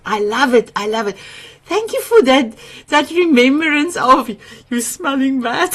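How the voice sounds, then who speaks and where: A woman with a South African accent, an Afrikaans speaker, hosting a summit on a video call and sharing personal stories with gushing, emotional warmth and frequent laughter. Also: a little high, lively intonation, normal speed. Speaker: summit host.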